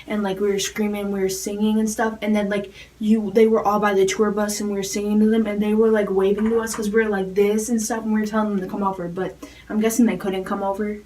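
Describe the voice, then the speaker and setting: Teen girl vlogging, talks super fast n rambly, like like like, mic kinda far off. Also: mid-range voice, little pitch movement, mellow. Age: teens. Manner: rapid rambling with constant "like" fillers. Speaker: fan vlogger. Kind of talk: casual storytelling to camera.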